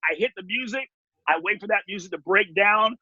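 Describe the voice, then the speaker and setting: A man who works as a TV warm-up host and emcee, talking animatedly on a video call with big swings in pitch and loudness. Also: fairly quick, no room sound. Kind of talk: casual video-call interview. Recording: dull lo-fi video-call audio.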